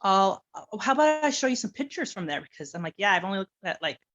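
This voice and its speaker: A woman tells her own story in a relaxed, chatty way. She often slips into lively quoted dialogue, and her voice sits at an ordinary pitch. The audio is a touch muffled and lo-fi. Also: fast talker. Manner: animated, acts out quoted dialogue, laughs often. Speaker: adoptee telling her story. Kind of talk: casual personal storytelling.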